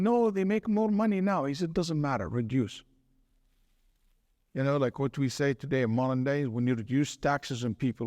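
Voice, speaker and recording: A man gives a sermon in a mosque hall, where a long reverb trails after his words. He tells his anecdotes with animated energy and mixes Arabic terms and quotations into his talk. His voice sits at a middle pitch for a man. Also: studio quality. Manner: animated storyteller mixing in Arabic terms and quotes. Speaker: imam and teacher. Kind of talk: sermon lecture with storytelling.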